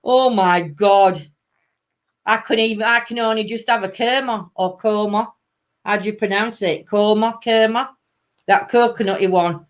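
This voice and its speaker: She hosts a casual weekly live-stream chat show, reading viewer comments aloud and calling everyone "my lovely" in a medium-pitched voice at a moderate pace. She's from Sheffield, England, with a South Yorkshire accent.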